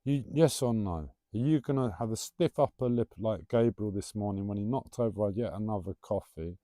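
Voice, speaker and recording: A man's voice: fairly low pitch, moderate pace, warm tone, dry recording, studio quality. A man livestreaming a casual, rambling spiritual monologue in a playful, teasing way.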